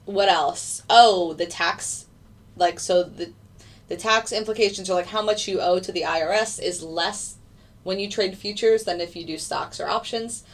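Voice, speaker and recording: A woman's voice: fairly low pitch, moderate pace, far from the mic. A young woman hosting a casual trading livestream, chatting loosely with many fillers as she answers viewer questions. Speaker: livestream host, futures day trader.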